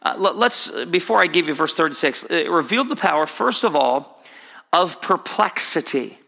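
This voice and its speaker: Bright-voiced preacher in a reverberant hall. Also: male voice, a little high, animated, moderate pace, creaky. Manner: conversational, repetitive, with restarts. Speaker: pastor. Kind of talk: sermon.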